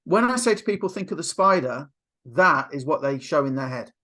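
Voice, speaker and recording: A man teaching in a motivational webinar, his voice sitting a little high. He tells stories and slips into quick acted-out quotes. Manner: animated storyteller, acts out quotes. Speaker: NLP coach.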